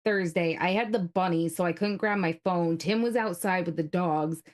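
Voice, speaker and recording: A woman's voice: on the low side, moderate pace. A woman co-hosting a live stream, chatting casually in a blunt, sassy way and swearing freely.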